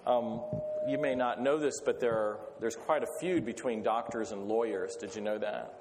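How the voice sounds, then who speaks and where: A man's voice: mid-range voice, fairly even intonation, moderate pace. Earnest preacher guy, lots of restarts, long hall echo, faint hiss. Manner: earnest, rambling, with hesitant restarts. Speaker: guest speaker. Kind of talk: sermon with prayer and anecdotes. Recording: echoey hall, faint background noise.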